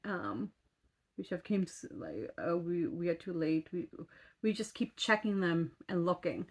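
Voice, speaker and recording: A woman's voice: fairly low pitch, sing-song, normal speed, a little mellow. A woman in her thirties telling a story in casual chat as a vlogger, exasperated, swearing casually and full of fillers. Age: 30s.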